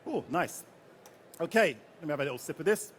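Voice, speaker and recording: A man's voice: on the high side, lively intonation, a little fast, a bit bright. A man leading a live rum tasting before an audience, chatty and jokey, often quizzing the crowd for tasting notes.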